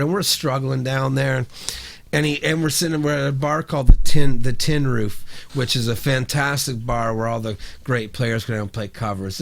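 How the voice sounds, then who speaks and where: A middle-aged man from Canada with a gravelly, fry-edged voice at an ordinary male pitch. He tells a story as a podcast guest, casually and loosely, stumbling over restarts and dropping curse words without a second thought. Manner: rambling, frequent restarts, swears freely.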